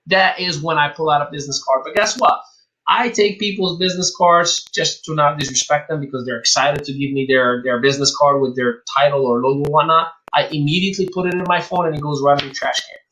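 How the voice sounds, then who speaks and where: A man coaching an audience on business, his voice bright and forward, sitting a little high. He talks with lively energy and acts out both sides of his sales conversations. English is not his first language. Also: poor audio. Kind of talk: motivational talk.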